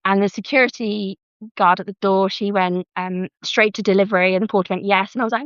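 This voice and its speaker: A woman's voice: mid-range voice, a little fast, clear, resonant tone, no room sound. A young British woman with a British English accent, a podcast guest telling her birth story in casual chat and acting out the lines other people said. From Britain. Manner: lively, re-enacts quoted dialogue with "I was like". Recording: slightly muffled, dry close mic.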